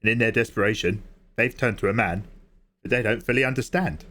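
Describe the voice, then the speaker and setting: A man's voice: lowish voice, brisk, fairly bright tone. An Australian man doing a solemn old British butler. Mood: mock-solemn. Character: old male British butler, dry and formal.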